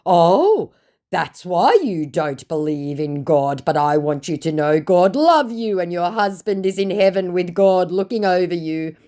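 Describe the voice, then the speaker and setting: A woman voicing a fawning male romance scammer who speaks slow, broken English. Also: fairly low pitch, expressive, mellow, pitched above the performer's own voice. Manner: slow, syrupy, clumsy grammar.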